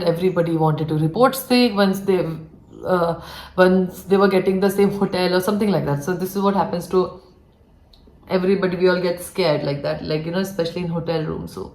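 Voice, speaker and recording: A woman's voice: lowish voice, fairly quick, echoey room, poor audio. A young woman, a former flight attendant casually telling a ghost story as she does her makeup, acting out the lines of the people in it. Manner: animated retelling, acts out quoted lines. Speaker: vlogger, former cabin crew. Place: indoor room, getting ready.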